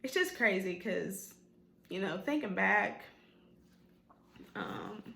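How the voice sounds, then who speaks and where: A woman recounts a painful personal story straight to camera in a casual vlog. Her voice sits at an ordinary middle pitch, and she talks with lots of "like" and "um". The room around her is echoey. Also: expressive, slow, creaky, pushed and bright. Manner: emotional retelling, quoting others, filler-heavy. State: tearful at times. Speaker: vlogger.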